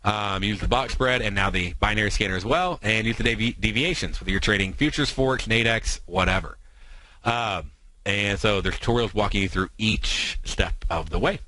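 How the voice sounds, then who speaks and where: An American man hosting a trading show, explaining strategies in quick, filler-heavy talk. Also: lowish voice, pushed and bright, rough recording. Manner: talks fast, many fillers and asides.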